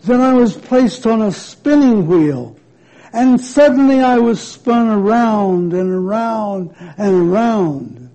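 A talking teacup that was once plain red clay recalls its ordeal in the first person, as a man puts it on, slow and pleading. The voice sits high for a man, with a gravelly fry and a mellow, dark tone. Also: animated, heavily acted. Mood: recounting.

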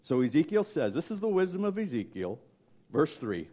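A man's voice: a little high, sing-song, normal speed, mellow. A man preaching a sermon, telling a story dramatically and emphatically, asking questions of his congregation. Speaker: pastor.

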